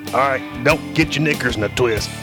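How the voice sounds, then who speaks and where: A man's voice: mid-range voice, moderate pace, over music. A man playing a blunt coach who hosts a comedy sports radio show. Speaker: coach character, show host.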